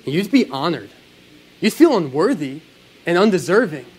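Animated, high-voiced man preaching. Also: moderate pace, husky, rough recording. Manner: animated, earnest preaching with sudden swells and drops. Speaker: pastor. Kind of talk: sermon.

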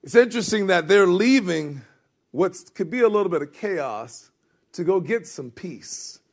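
A man preaching a sermon as a pastor, reading scripture and then acting out the disciples' voices with lively energy. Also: sits high, measured pace. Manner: animated, acts out the disciples' voices.

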